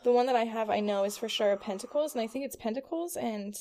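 A woman's voice: on the high side, quick pace, mellow. A young woman co-hosting a casual podcast, reading from her notes with frequent ums and stumbles over hard words. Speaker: podcast co-host.

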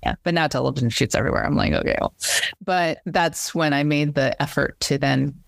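A woman's voice: sits low, brisk, creaky, dry recording, studio quality. A woman talking candidly and animatedly as an interview guest, with many fillers and restarts. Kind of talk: casual interview chat.

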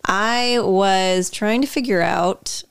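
A woman co-hosting a casual podcast, telling a researched story in an unhurried, amused way. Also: mid-range voice, clean tone. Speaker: podcast co-host.

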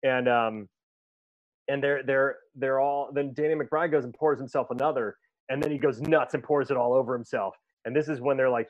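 A man's voice: mid-range voice, moderate pace, no room sound, muffled recording. A man hosting a casual podcast chat, retelling movie scenes with frequent laughter and plenty of swearing. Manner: laughs often, swears freely, animated retelling. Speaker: podcast host.

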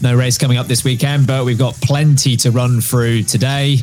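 Relaxed man hosting a podcast. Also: mid-range voice, normal speed, soft background music. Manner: relaxed, with fillers. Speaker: podcast host. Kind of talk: casual podcast chat.

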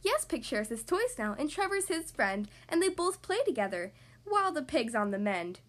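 A woman hosting a podcast and reading a picture book aloud to young kids, in a cheerful, expressive, sing-song manner. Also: sits high, normal speed. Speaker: podcast host and storybook reader.

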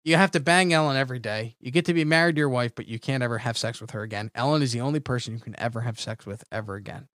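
A man's voice: medium pitch, rapid-fire, hardly any pauses, fairly bright tone, no room sound, clean studio sound. A man co-hosting a podcast, trading crude jokes and laughing often. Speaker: podcast co-host. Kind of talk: casual crude banter.

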